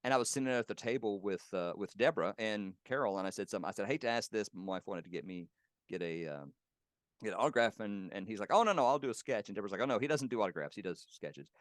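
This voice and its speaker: Laughing now and then through his anecdotes, a guest puppeteer warmly recalls his colleagues during a casual interview at home. He speaks animatedly at a quick pace, with a fairly low pitch. The audio is clean studio sound with no echo.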